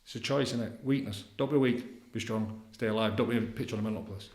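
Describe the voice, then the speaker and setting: A man's voice: fairly low pitch, fast, a little mellow. A middle-aged man, a counsellor talking bluntly in a casual podcast interview, repeating himself and leaning on tag questions. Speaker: addiction counsellor guest. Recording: roomy echoey room.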